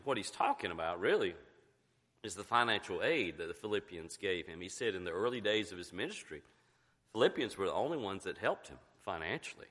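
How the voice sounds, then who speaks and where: Middle-aged guy preaching, low voice that swings up and down a lot, keeps coughing, big echoey church. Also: lively intonation, normal speed, a bit bright. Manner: emphatic preaching with rhetorical questions. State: coughing, fighting to get words out. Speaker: pastor. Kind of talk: sermon.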